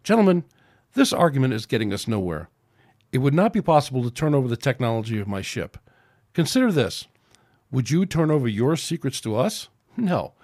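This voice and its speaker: A man's voice: medium pitch, very animated, a little fast, a little mellow, no room sound, studio quality. A man reading aloud and voicing a stern male starship captain who speaks firmly and formally. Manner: firm, formal and reasoning.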